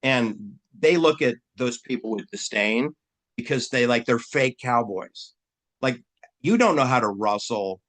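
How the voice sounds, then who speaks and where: A man rambling through casual commentary on his own channel. He talks in a mocking, animated way and keeps firing off rhetorical questions. His voice leaps up high for emphasis, then drops back to a middling pitch. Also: a little slow. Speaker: channel host.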